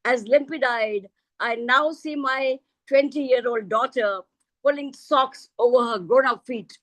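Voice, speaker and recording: A middle-aged woman reads her own poem aloud over a video call, expressive and taking on a child's voice for the quoted lines. She speaks a little slowly in a high register. The sound is dry with no room tone, and the audio is poor.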